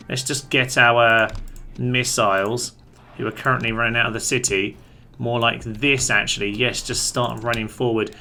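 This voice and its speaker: A man's voice: mid-range voice, gravelly, bright, forceful tone, slight background noise. A young man giving upbeat, chatty commentary on a strategy game and calling orders to his units. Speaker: gaming channel host.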